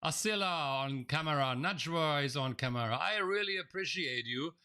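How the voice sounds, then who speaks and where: An NLP trainer leads an interactive live coaching webinar over a video-call microphone, greeting attendees directly and reading their names from the chat. His voice is a bit high for a man, bright, forceful, clear and resonant, expressive at a moderate pace. He often doubles back on words and restarts sentences.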